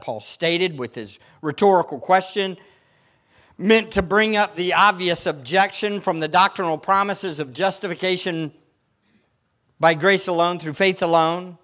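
A man's voice: high voice, normal speed, a bit bright. A male pastor preaching a sermon, emphatic and fond of putting rhetorical questions to his congregation.

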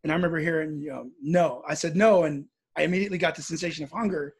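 A husky-voiced Midwestern man, pitched high for a male speaker, rattles off a personal story very fast with fairly even intonation. It's casual and conversational, and he animates it by performing the people in the tale.

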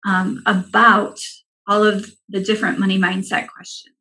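Guest coach, woman, mid-pitched, earnest and reassuring, steady advice-giving. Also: normal speed, rough recording. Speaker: money mindset coach, guest.

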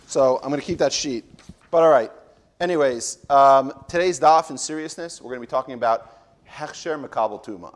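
Man rambling through a mock Talmud class. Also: medium pitch. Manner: rambling, keeps interrupting himself with asides; jokey, mock-serious. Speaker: Torah class teacher. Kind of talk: comedic parody of a daily Talmud class.

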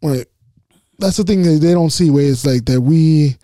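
A man's voice: fairly high pitch, moderate pace, mellow, dry recording. A man co-hosting a podcast, rambling casually, with lots of "like" and "way" and plenty of swearing. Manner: rambling, says "like" and "way" a lot, swears. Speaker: podcast co-host. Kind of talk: casual chat.

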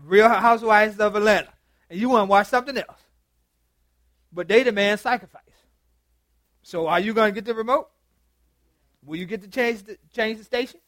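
A pastor with a notably high-pitched man's voice talks to his congregation as much as he preaches at them. He jokes, repeats himself and trips over words. The sound is close and dry. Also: normal speed, pauses often, fairly bright tone, dry recording. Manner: chatty and joking, stammers and repeats words, quizzes the congregation. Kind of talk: conversational sermon with open dialogue. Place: church meeting room.

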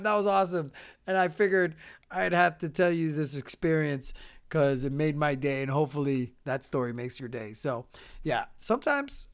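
A man from Canada telling casual stories to his viewers, animated and laughing, acting out what people said. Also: high voice, clear, resonant tone. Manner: animated, acts out quotes, laughs often. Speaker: vlogger. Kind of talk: casual storytelling.

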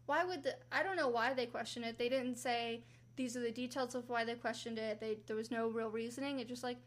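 A woman's voice: flat delivery, a little fast. A woman hosting a casual true-crime podcast, retelling the story in a chatty way and acting out quotes. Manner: chatty, acts out quotes with rising pitch. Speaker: podcast host.

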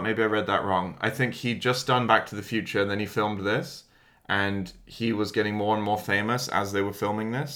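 Low-voiced man chatting casually. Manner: relaxed, chatty, drifts and corrects himself. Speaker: podcast co-host. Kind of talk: casual movie podcast chat. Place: home.

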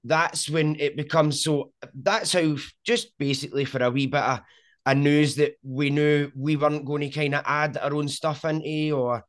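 A man's voice: on the high side, normal speed. A middle-aged Scottish man with a strong Scottish accent, telling stories animatedly in a casual interview. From Scotland. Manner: animated storyteller, frequent "do you know what I mean". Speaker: sumo content creator.

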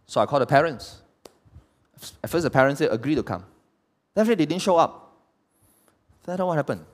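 A man's voice: on the high side, lively intonation, fast, a little hiss or hum. A man, preaching a sermon as pastor and throwing rhetorical questions at the congregation. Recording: long hall reverb.

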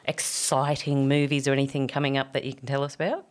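A woman's voice: extremely low pitch, little pitch movement, quick pace. A woman hosting a casual interview, teasing and swearing lightly as she talks. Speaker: host.

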